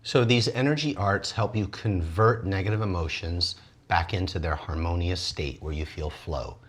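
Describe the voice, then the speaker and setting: A man teaching energy arts in an animated, lively way, often jumping into high playful voices for the people he quotes. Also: normal speed, husky. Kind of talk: animated wellness talk.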